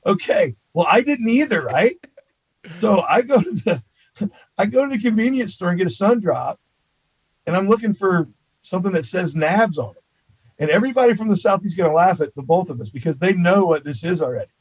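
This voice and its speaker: A man who is a college baseball head coach, a podcast guest telling stories in a casual, animated way and filling his talk with "you know.". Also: high-pitched, fairly quick, husky, dry recording, low-quality recording. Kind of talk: casual storytelling in an interview.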